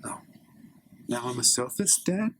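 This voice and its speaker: A man's voice: mid-range voice, animated, unhurried, bright, forceful tone, a little hiss or hum. A man voicing a cheeky, argumentative grown son who talks back sarcastically, in a solo improvised comedy scene. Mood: sarcastic.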